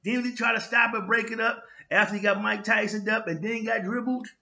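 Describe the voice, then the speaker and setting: A man with a New York accent hosting his own vlog, telling a street story in slang with sound effects and loud bursts. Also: high voice, a little fast, gravelly, echoey room. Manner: animated street slang with frequent "you know what I'm saying". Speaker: vlog host. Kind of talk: casual storytelling monologue.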